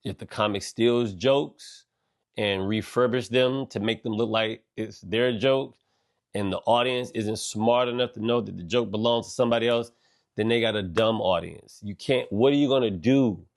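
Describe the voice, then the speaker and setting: A middle-aged man with a somewhat low voice talks on his podcast in a loose, rambling rant. He is casual and animated, dropping slang and swearing as he goes. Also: normal speed, vocal fry. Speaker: podcast host. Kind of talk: casual monologue.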